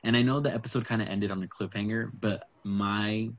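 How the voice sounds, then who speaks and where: A man's voice: on the low side, steady tone, fairly quick. A man in casual, rambling chat about a reality show, full of fillers and asides. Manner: chatty, rambling, lots of fillers and quoted asides.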